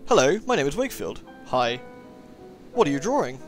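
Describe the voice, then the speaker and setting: A man's voice: a little high, sing-song, brisk, soft background music. A man voicing a polite, reserved male doctor who asks plain, hesitant questions. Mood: curious.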